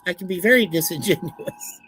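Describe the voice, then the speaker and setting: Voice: mid-range voice, a little fast, music in the background, rough recording. A podcast co-host chatting casually, supportive and agreeable, laughing easily. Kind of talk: casual conversational chat.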